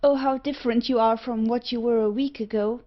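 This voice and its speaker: A woman's voice: a little high, normal speed, natural voice. A woman voicing a playful young woman in love. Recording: slightly dull audio.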